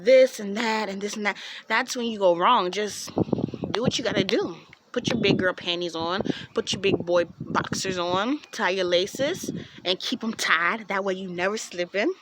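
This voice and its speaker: A woman's voice: medium pitch, brisk, noisy background. A young woman vlogger telling a personal story in a chatty way, acting out what people said with lots of "like" and "um.". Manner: chatty, acts out quoted voices, frequent "like" and "um". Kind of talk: casual storytime vlog.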